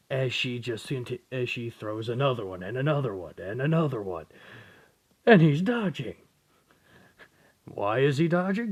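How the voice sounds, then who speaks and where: A man's voice: mid-range voice, sing-song, measured pace, long pauses, husky. A young man casually retelling a fan story, rambling, correcting himself and swearing as he goes. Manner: rambling, profane, self-correcting.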